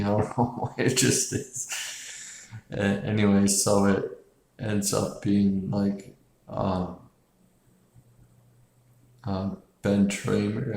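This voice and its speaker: In an echoey room, a man with a fairly low, gravelly voice casually reviews a horror film. He rambles loosely and swears, chuckling often and leaning on filler words.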